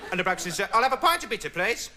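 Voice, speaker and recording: A man's voice: high voice, big pitch swings, racing, a loud crowd, very noisy. An actor playing a dim, rambling young male investigator, speaking earnestly through pointless asides in a studio comedy monologue. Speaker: comic character monologue.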